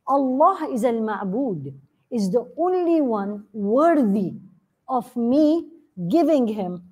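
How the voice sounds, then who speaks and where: A woman's voice: mid-range voice, dark tone, husky. A woman teaching a religious lesson, earnest and storytelling, stretching out key words for emphasis and dropping in Arabic terms. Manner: uses Arabic terms and quotes. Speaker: Islamic teacher.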